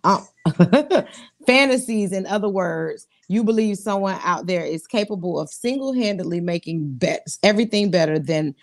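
A woman co-hosting a casual talk show, animated and laughing often. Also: medium pitch. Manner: animated, laughs often, talks to the audience directly. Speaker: podcast co-host. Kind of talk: casual chat.

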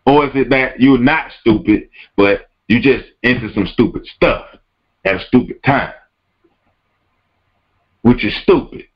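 Male podcast host, emphatic repetitive rant, dull lo-fi sound, average pitch. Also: a little slow, long pauses, slightly rough. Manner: emphatic, repeats words and phrases, calls the listener "bruh".

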